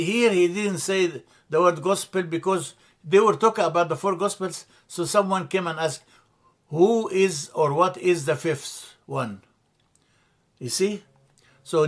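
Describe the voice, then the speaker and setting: Slow, deliberate male language teacher. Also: high-pitched. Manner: slow and deliberate, repeats and spells out terms. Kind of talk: slide-based language lesson. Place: church classroom.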